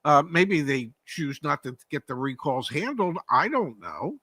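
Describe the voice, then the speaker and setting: A man's voice: a little high, sing-song, measured pace, pushed and bright, dry recording. A man co-hosting a casual car-market talk, emphatic, asking rhetorical questions and repeating words. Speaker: co-host, former car dealership operator. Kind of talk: casual podcast chat.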